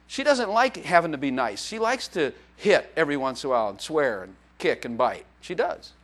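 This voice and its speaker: A man's voice: a little high, sing-song, moderate pace, fairly bright tone. A man preaching as a pastor in a church, in a joking, conversational way with playful acted quotes. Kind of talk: sermon.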